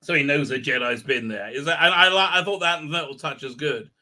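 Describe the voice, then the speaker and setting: A livestream host delivers a heated recap of a show, stopping and restarting often with fillers. His voice is bright and sharp, and sits a little high for a man. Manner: rambling, full of halting fillers and restarts. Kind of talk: ranting show recap commentary.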